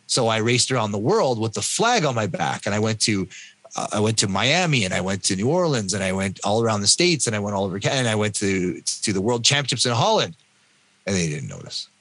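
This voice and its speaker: A Canadian man in his fifties, a podcast guest telling his own story in a lively way and acting out what other people said. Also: lowish voice, a little fast. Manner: animated, acts out other people's lines. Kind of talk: personal storytelling in an interview.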